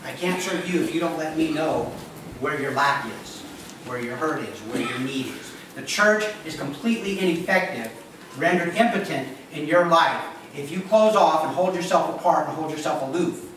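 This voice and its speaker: A man's voice: a little high, moderate pace, fairly bright tone. A man, the pastor, giving a conversational sermon with joking asides to his congregation in a church. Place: church sanctuary. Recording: echoey room, voice from far off, noisy.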